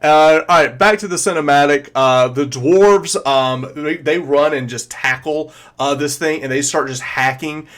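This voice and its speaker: Man running a tabletop game, halting narration. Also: fairly high pitch, a bit bright. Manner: hesitant, filler-heavy narration. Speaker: game master.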